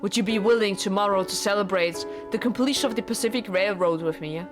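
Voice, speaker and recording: A woman's voice: medium pitch, fast, natural voice. A woman reading the lines of a lovesick, formal young husband from a visual novel, earnest and pleading, with game music behind her. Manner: formal, pleading dialogue read aloud.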